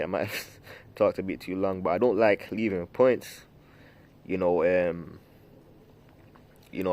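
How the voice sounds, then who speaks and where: A man's voice: deep voice, a little mellow. A man preaching from scripture in a loose, rambling way, full of fillers, restarts and the word "man". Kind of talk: informal scripture teaching.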